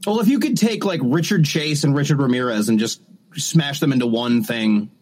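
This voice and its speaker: A man co-hosts a podcast in easy, casual chat, dropping dry jokes and puns. His voice is husky, at a middle pitch for a man. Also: normal speed, darkish tone. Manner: dry, joking, punning. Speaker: podcast co-host.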